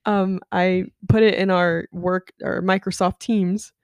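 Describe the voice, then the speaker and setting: A young woman with a lowish, gravelly yet clean-toned voice co-hosts a laid-back podcast chat, speaking a little slowly. She tells work stories with plenty of laughter and swearing, recorded in studio quality with no room sound.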